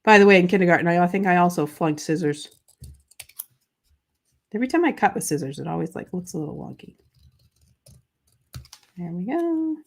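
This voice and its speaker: A woman's voice: fairly low pitch, animated, normal speed, pauses often. A chatty, bubbly woman hosting a live-streamed papercraft demo, answering viewer comments as she works and joking about herself. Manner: chatty, bubbly, self-deprecating, reads viewer comments aloud. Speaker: craft show host.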